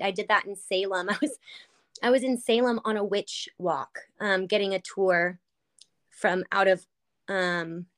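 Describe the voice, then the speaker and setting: A woman podcast host in casual chat, telling stories animatedly with lots of fillers. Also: medium pitch. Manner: animated storytelling with many fillers.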